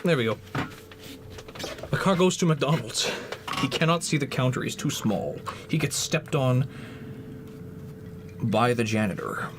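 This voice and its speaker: A man's voice: mid-range voice, lively intonation, measured pace, pauses often, noisy background. A man talking casually on a livestream while painting, joking and answering chat. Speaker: streamer and prop maker. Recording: music playing under the voice. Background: background music.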